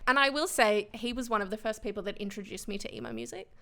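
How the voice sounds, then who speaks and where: A woman's voice: medium pitch, big pitch swings, fast, sharp tone. A woman in her thirties co-hosting a book club podcast, chatting playfully and acting out reactions. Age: 30s. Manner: playful, laughing asides, acts out quoted reactions. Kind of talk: casual chat.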